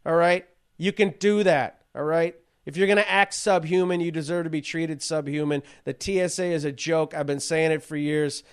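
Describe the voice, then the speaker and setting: A man with a high-pitched voice rants his way through comic stories on a podcast. He swears freely and shifts from muttering asides to loud, heated bursts. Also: steady tone, moderate pace, clean tone. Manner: profane, ranting, with shouted outbursts. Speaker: podcast host. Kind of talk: comedic rant and storytelling.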